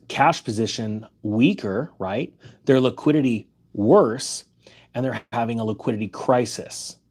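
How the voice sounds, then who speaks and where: Mid-pitched man hosting a finance commentary show; reads headlines and picks them apart with pointed questions. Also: a little mellow. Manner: skeptical, emphatic rhetorical questions. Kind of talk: opinionated commentary reading news aloud.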